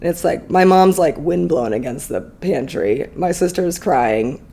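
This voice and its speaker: Low, gravelly woman telling her story. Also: lively intonation, unhurried, warm tone. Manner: chatty, full of fillers and "like", emotional. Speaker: podcast guest. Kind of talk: candid conversational storytelling.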